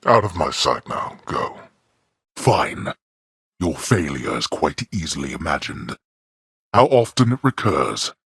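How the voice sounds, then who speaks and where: An actor voicing a stern, cold male god-king of the underworld in a video game, speaking with contemptuous, imperious authority in a deep gravelly voice. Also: sing-song, slow, a bit bright, no echo, exaggerated voice. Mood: scornful. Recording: dry studio recording.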